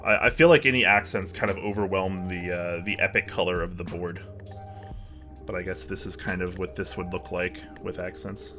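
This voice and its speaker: A man's voice: low voice, fairly even intonation, normal speed, music in the background. A man hosting a live stream in casual chat, thinking aloud and asking viewers for their opinions with frequent restarts. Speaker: livestream host.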